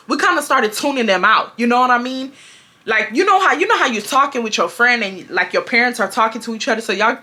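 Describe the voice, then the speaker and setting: Young woman from Houston, bright tense voice, slangy animated storytelling, highish pitch. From Houston, Texas. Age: 20s. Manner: animated, slangy, acts out quotes with big pitch jumps. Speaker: storytime vlogger. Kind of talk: casual storytelling to viewers.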